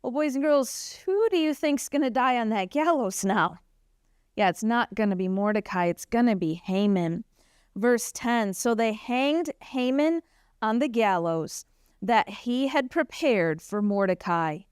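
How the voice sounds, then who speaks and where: A woman teaching a children's Bible lesson at church, telling the story with animated expression and acting out the characters' lines. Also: medium pitch, a little slow, smooth, no echo, clean studio sound.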